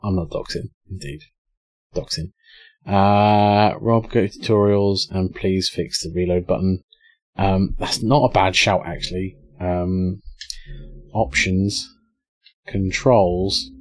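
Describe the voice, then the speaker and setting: A man's voice: low-pitched, little pitch movement, takes it slowly, no room sound. A young English man streaming a game, chatting casually, swearing and reading out chat. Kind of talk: casual live-stream commentary.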